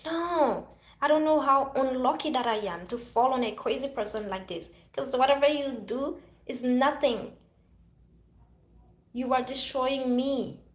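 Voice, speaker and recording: A woman's voice: high voice, unhurried, reverberant. A woman from Haiti talking to camera about her past relationship, emphatic and preachy, often repeating herself. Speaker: vlogger. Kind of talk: personal talk to camera.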